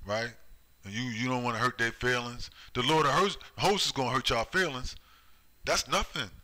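Man, heated sermon, rhetorical questions, sharp bright voice. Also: medium pitch, rough recording. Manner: heated, repetitive, rhetorical "right?" tags. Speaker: online preacher. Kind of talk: street-style scripture commentary.

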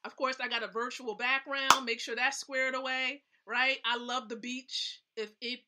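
A woman's voice: sits high, fairly even intonation, normal speed, heavy background noise. A woman hosting a casual live stream, giving chatty, emphatic tips and often checking in with her viewers. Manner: chatty, emphatic, asks the audience questions. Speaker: host.

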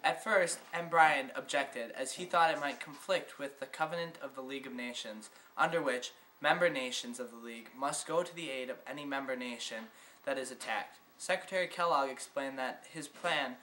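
A young man reads a school history report in the style of a news broadcast. His voice is bright and clear, with a faint hiss on the home recording. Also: mid-range voice, normal speed, rough recording. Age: teen or young adult. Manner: announcing, reading out facts. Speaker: student narrator of a school history project. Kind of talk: mock news narration.

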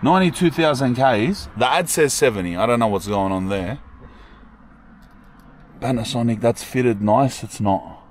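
A young man talks in a loose, slangy vlog style, upbeat and thinking aloud. His pitch sits mid-range for a man. A faint hum of noise runs behind him outdoors. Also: normal speed. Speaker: vlogger. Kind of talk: casual vlog chat. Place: outdoor car yard.

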